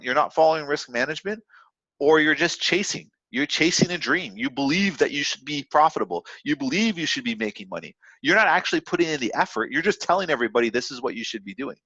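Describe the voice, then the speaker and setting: A man's voice: mid-range voice, a bit bright, no room sound. A man giving a casual motivational talk on trading, rambling with many fillers and restarts. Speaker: trading educator. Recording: dry, dull lo-fi sound.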